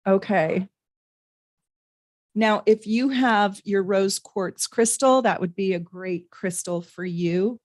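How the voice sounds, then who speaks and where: At a slow pace and medium pitch, a middle-aged woman livestreams tarot and astrology from her home. Chatty and warm with her viewers, she uses frequent fillers. The sound is clean studio audio without echo.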